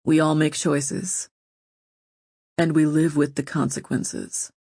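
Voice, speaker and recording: A woman voicing a calm young lord who speaks flatly and curtly. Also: sits low, slow, creaky, breathy edge, no echo, studio quality, full character voice. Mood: stern. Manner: flat, curt, controlled.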